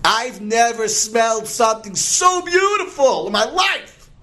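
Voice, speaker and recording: A man voicing a timid female sheep who gushes sweet flattery in a told parable. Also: extremely high pitch, unhurried, voice pushed up, heavily acted. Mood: flattering. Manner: gushing, overly sweet praise.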